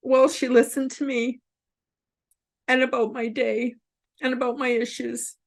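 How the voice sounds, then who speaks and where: A woman in her fifties hosting her own show, telling a personal story to camera in an earnest, openly emotional way, tearful and halting with restarts. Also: on the high side, little pitch movement, vocal fry. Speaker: host.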